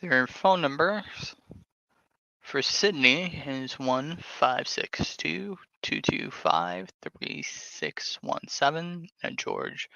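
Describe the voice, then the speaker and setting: A man hosting a podcast, talking casually and haltingly while reading text aloud from his screen. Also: mid-range voice, creaky, bright, forceful tone, dry recording. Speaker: podcast host. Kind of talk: casual screen-share talk. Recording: dull lo-fi sound.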